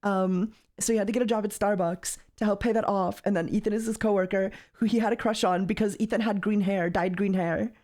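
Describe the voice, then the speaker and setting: A woman's voice: mid-range voice, steady tone, brisk, hardly any pauses, warm tone. A woman co-host chatting casually during a reaction stream, rambling and full of fillers, often incredulous.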